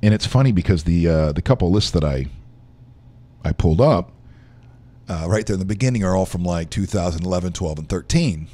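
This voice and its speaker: A middle-aged man hosting a casual live stream, rambling and chatting with viewers in a tired, weak voice after a late night. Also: sits low. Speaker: live show host. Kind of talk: casual livestream chat.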